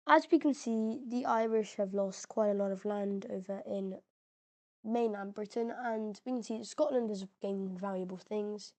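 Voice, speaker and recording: The narrator of this mapping video is a woman speaking at a medium pitch and moderate pace, her tone on the darker side. Over the map game she rambles informally with slang and fillers, and her voice cracks on occasion.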